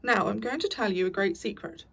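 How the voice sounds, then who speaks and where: A woman reader puts on a grave old storybook badger with a thin, dry voice and a gravelly edge. He speaks with severe authority that softens into fatherly firmness. The voice is a little distant from the microphone. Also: mid-range voice, fairly quick. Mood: reassuring. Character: stern, respected old male badger.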